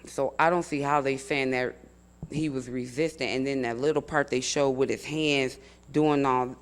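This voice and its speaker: Earnest man recounting events, measured. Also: mid-range voice, fairly even intonation, clear, resonant tone. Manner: earnest, measured, repeats himself for emphasis. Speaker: family member telling his account. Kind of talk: recounting in an interview.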